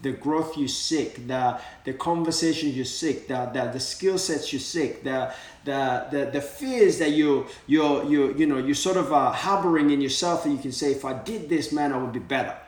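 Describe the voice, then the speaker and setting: Earnest motivational speaker, echoey and distant. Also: male voice, medium pitch, moderate pace. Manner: earnest, repetitive, many fillers. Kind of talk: motivational talk. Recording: echoey room, voice from far off.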